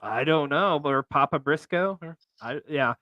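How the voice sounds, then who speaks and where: A man co-hosting a casual wrestling chat show, chatty and excitable. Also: a little high, normal speed, dry recording, dull audio. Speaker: co-host.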